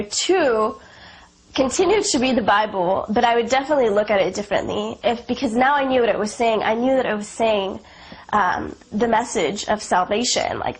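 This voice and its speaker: Young woman, from Afghanistan, personal testimony, earnest, casual fillers, slightly high voice. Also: rough recording. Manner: earnest, conversational, many fillers like "you know" and "like". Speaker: convert sharing her testimony.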